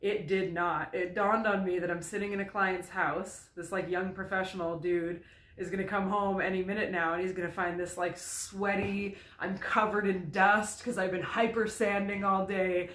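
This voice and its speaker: A vlogger telling a personal story candidly, in a halting way with frequent restarts. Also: medium pitch, little pitch movement, a bit bright. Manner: halting, with many restarts and "you know". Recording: echoey room.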